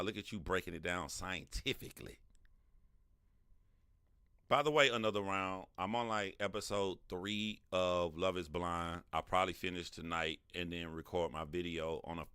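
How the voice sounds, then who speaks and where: Deep-voiced man hosting a casual livestream. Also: normal speed, clear, resonant tone, dry recording. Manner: animated, laughs often, talks back to chat. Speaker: livestream host.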